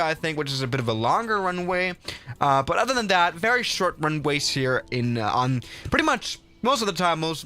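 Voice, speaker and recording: A man's voice: on the high side, sharp tone. A man hosting a casual flight-sim livestream, chatty and rambling, with lots of fillers and restarts.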